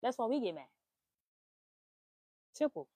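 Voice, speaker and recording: Young woman host ranting, swears a lot, warm dark tone, dead dry room. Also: fairly high pitch, measured pace, breathy edge, dry recording. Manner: blunt, profane, animated ranting. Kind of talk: casual talk to viewers.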